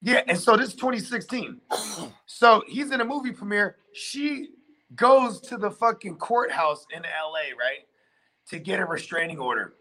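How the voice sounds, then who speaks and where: A man's voice: sits high, lively intonation, moderate pace, pushed and bright. A man hosting a casual chat, telling a long story loosely with lots of fillers and swearing. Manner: rambling storyteller, heavy filler and profanity.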